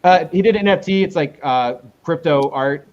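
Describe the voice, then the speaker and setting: A man talks casually as a guest in an interview, rambling and cutting himself off as he works his way back to his point. His voice sits a little high for a man, and the recording sounds muffled and lo-fi. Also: a little mellow. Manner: rambling, self-interrupting, with quick pitch jumps when retelling. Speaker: comic book creator, guest.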